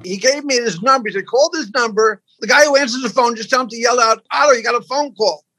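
Very high, bright, husky-voiced man. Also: quick pace, no echo. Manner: lively anecdote teller. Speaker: comedian. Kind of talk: casual storytelling chat.

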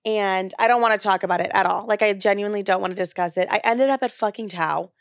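A woman's voice: mid-range voice, fast, dry recording, studio quality. A young woman in her twenties hosting her own podcast, chatting casually and swearing freely, with lots of "like" fillers. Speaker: podcast host. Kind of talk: casual confessional podcast chat.

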